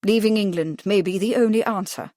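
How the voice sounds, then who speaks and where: A woman's voice: mid-range voice, fairly quick, mellow, dry recording, close to an everyday voice. Lady reading as a bossy young gent in an audiobook, pushy and raised up, dry close sound. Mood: persuasive. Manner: insistent and commanding, raised voice. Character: agitated pompous young gentleman son.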